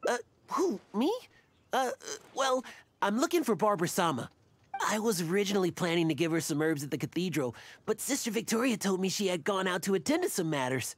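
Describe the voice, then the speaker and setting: A man's voice: sits high, very animated, fairly quick, heavily acted. An actor playing an eager young male fan who is nervous and rambling, in game character dialogue.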